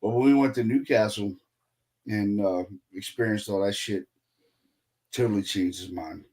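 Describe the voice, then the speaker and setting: A man in casual podcast chat, a paranormal investigator telling profane, animated stories and acting out quotes. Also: fairly low pitch, moderate pace.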